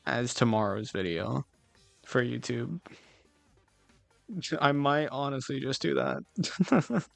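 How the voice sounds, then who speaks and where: A man's voice: mid-range voice, gravelly, no room sound. Laid-back guy yapping on stream, dry close mic, faint music behind. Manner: rambling, laid-back, swears casually, giggles often. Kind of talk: casual chat with live chat.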